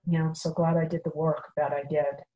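A middle-aged woman tells a personal story in a casual, conversational way. Her voice sits a little low. She acts out the lines of the people she quotes, and her speech is full of fillers. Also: brisk, dull audio. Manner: animated, acts out quoted dialogue, many fillers. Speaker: guest telling a personal story.

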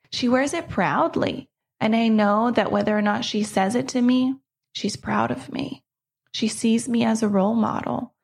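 A woman's voice: a little high, gravelly, darkish tone, slightly rough. A middle-aged woman hosting her own podcast, telling a personal story in an earnest, reflective way. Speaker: podcast host.

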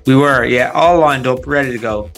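An easygoing man co-hosting a podcast, rambling through his answers and swearing casually. His voice sits at an ordinary mid pitch. Faint music runs in the background. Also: moderate pace, a bit bright. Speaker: podcast co-host.

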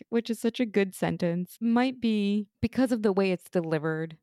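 A woman co-hosting a casual podcast, animated and opinionated, full of quick asides. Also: mid-range voice, no room sound, clean studio sound. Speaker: podcast co-host. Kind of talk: casual chat.

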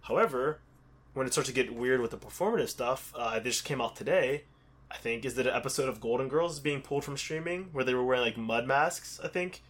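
A man from Pittsburgh in loose conversation, his voice sitting at an ordinary middle pitch. He rambles and restarts, padding his points with fillers. It sounds like an easygoing chat. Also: a little fast, a bit bright. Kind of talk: casual chat.

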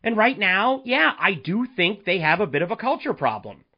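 Male solo podcast host, animated rant full of rhetorical questions, slightly muffled recording. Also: sits high, normal speed. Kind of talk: solo sports commentary podcast.

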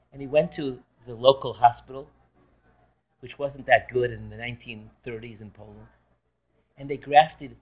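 A man, a rabbi, giving a Torah class, telling a story animatedly and often restarting phrases as he goes. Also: mid-range voice. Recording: lo-fi recording.

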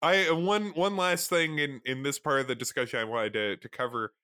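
A man's voice: mid-range voice, steady tone, normal speed, bright, forceful tone. A man co-hosting a podcast in casual chat who steers the talk and rambles with many restarts. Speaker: podcast co-host.

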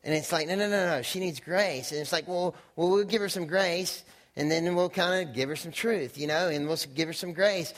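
A young man giving a relaxed, conversational sermon in a fairly high voice. He acts out quoted voices and pokes fun at himself as he demonstrates with props on stage. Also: a little fast. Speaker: pastor.

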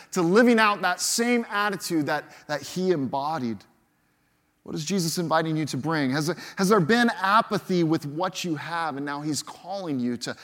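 A man preaching a sermon as pastor. He swings from loud, lively lines to hushed, slow ones, often repeats a word as he starts a sentence, and briefly acts out the voices of people in the story he tells. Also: a little high, long reverb tail.

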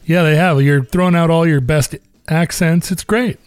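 A man's voice: fairly high pitch, fairly even intonation, normal speed, clean tone, no room sound. A man co-hosting a podcast, teasing and emphatic in his opinions. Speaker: podcast co-host. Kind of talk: casual podcast chat.

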